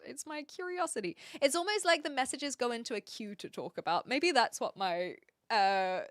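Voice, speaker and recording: A woman streamer chats casually with her audience, musing aloud and laughing easily. Her voice sits a little high and swings widely in pitch. The sound is close and dry. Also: sharp tone, dry recording. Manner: chatty and thinking aloud, laughs often. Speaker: live streamer. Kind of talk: casual live-stream chat, reading chat messages.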